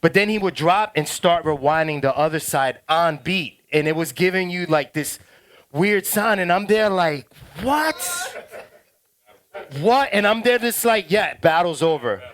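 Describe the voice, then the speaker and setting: A middle-aged man, a DJ casually telling a slangy story to a workshop class, turning loud and excited. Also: sits high, moderate pace. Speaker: DJ teaching a workshop.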